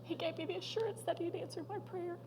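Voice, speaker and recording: A woman speaking as a guest at a women's luncheon, sharing a personal testimony in a heartfelt, halting way that sometimes sinks to a near whisper. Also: very high-pitched, steady tone, noisy background.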